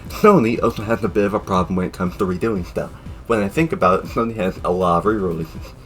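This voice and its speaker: A man's voice: low-pitched, fast talker, a bit bright, soft background music. A man narrating a casual video review in an offhand, sarcastic way, dropping joking asides. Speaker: YouTube reviewer.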